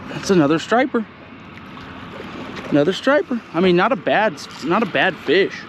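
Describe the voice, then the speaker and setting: Excitable man fishing on a boat. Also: sits high, normal speed. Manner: excitable, laughs a lot, talks to viewers. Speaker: fishing vlogger. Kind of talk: excited fishing vlog commentary. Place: outdoors on a boat on a lake. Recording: noisy outdoor boat recording.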